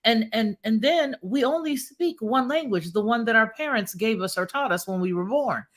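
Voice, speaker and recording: A woman's voice: a little high, lively intonation, normal speed, a bit bright. Emphatic American woman on a panel. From United States. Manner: earnest, emphatic, laughs while telling stories. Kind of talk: casual panel discussion.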